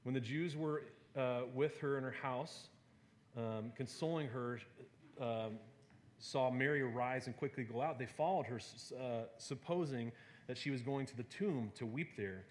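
A man preaching a sermon to a gathered audience, talking in a relaxed, conversational way with fillers and playful asides. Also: mid-range voice, unhurried, slight background noise.

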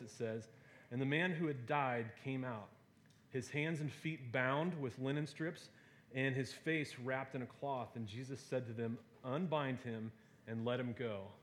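A man preaching a sermon to a gathered audience, talking in a relaxed, conversational way with fillers and playful asides. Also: medium pitch, a little hiss or hum.

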